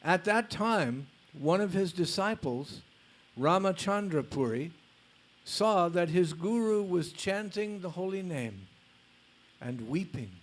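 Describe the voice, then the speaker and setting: A male spiritual teacher giving a lecture, reading a story aloud in a deliberate way with blunt casual asides. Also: high-pitched, expressive.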